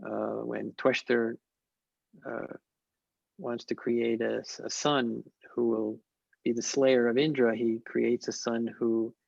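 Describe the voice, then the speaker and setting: A man speaking at a conference, answering questions in a measured, thoughtful way with frequent pauses and restarts. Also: medium pitch, level tone, vocal fry, a little mellow, no echo, lo-fi sound. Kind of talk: academic Q&A on an online call.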